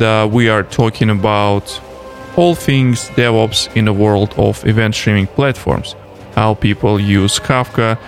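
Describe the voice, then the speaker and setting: A man with a Russian accent hosting a podcast interview, speaking with frequent "uh" pauses and dropped articles. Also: lowish voice. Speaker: podcast host.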